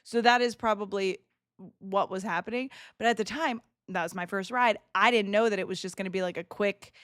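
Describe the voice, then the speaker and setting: A woman livestreamer chatting casually with her viewers, telling animated stories with lots of laughing and swearing. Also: mid-range voice, brisk, no room sound, studio quality. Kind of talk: casual chat with stream viewers. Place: home streaming setup.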